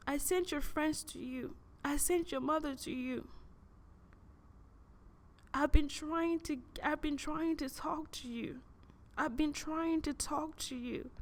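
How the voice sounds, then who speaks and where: A woman voicing God as a soft, caring, loving presence who speaks tenderly and repeats phrases as if pleading. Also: sits high.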